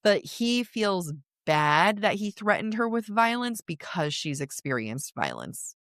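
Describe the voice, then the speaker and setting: A woman co-hosting a book podcast in casual chat, animated and laughing often as she talks through passages. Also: medium pitch, unhurried, no echo, studio quality. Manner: animated, laughs often, reads quotes aloud. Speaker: podcast co-host.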